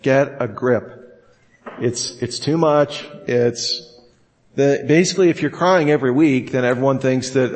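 A man's voice: mid-range voice, measured pace, darkish tone. A man teaching a class on how to preach, talking casually, joking and acting out quotes. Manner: casual, jokey, acts out quotes with laughs. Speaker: Bible teacher. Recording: long hall reverb.

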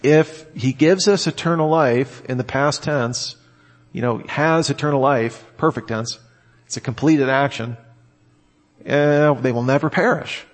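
A man with a medium-pitched voice preaches a Bible-teaching sermon at an unhurried pace in a large hall. He reads scripture aloud and argues through each verse in turn.

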